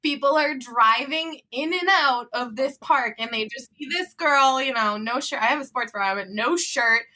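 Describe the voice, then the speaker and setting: A young woman in her twenties, a guest on a podcast, tells a funny story in casual chat, animated and laughing often as she acts out what people said. Her voice sits high, at normal speed.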